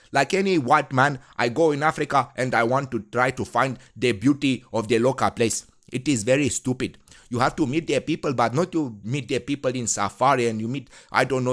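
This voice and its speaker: A Romanian podcast host playing a boastful man who talks in an exaggerated put-on Kenyan English accent, rambling earnestly with lots of halting fillers. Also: medium pitch, close to an everyday voice. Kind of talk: comedic monologue in character.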